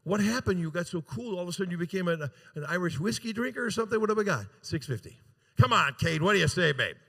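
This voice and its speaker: Man, charity auctioneer, live gala auction, joking coaxing banter, bright voice, gravelly edge. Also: high-pitched, lively intonation, fast. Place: large gala event room.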